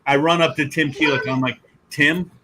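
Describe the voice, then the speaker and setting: A man hosting a casual podcast, telling stories and teasing his guests loudly. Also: on the high side, fairly even intonation, fast, slight background noise, poor audio. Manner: loud, joking storyteller who teases guests. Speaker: podcast host.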